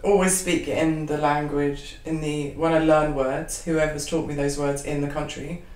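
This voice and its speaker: A woman chatting casually as co-host, telling animated stories and laughing at herself. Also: deep voice, normal speed. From Britain. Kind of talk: casual chat. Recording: echoey room, mic at a distance.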